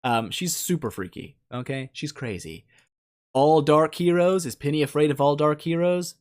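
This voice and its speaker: A man's voice: on the high side, moderate pace, darkish tone. A man giving casual gameplay commentary as a mobile game YouTuber, joking and teasing the characters in a playful, mock-insulting way.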